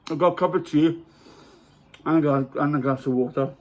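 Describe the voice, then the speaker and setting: A man's voice: fairly high pitch, brisk. A man from Wales with a Welsh accent, talking casually to camera about his meal at home, rambling and hesitant with many fillers. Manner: rambling, hesitant, self-mocking. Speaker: vlogger. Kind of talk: casual to-camera food vlog.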